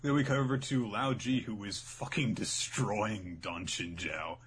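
Man, co-host, casual recap, animated, profane, bright tone. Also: fairly low pitch, measured pace, a little hiss or hum. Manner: animated, profane, laughs often. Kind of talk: casual chat recapping a show.

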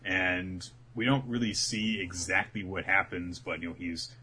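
A man's voice: sits low, a little slow, sharp tone, slightly rough. A man casually recapping episodes as a podcast co-host, acting out the characters' lines as he tells the story. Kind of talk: casual chat.

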